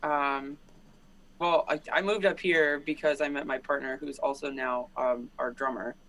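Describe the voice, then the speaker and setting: A man's voice: medium pitch, fairly even intonation, a little slow, fairly bright tone, low-quality recording. A man, a guest musician, chatting casually on a podcast and telling stories with lots of fillers and laughs. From Netherlands-born, raised in Delaware. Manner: laughs often, loose storytelling with many fillers.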